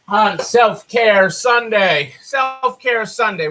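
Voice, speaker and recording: A man with a Southern American accent chats casually as host of a live stream. His voice sits very high and sounds bright and forceful. He rambles, circles back to repeat phrases, and fills pauses with uhs. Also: animated, low-quality recording.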